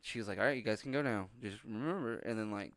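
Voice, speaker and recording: A man's voice: fairly low pitch, quick pace, dry recording. A man chatting casually on a podcast, laid-back, with many fillers and casual swearing. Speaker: podcast co-host. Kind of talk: casual chat.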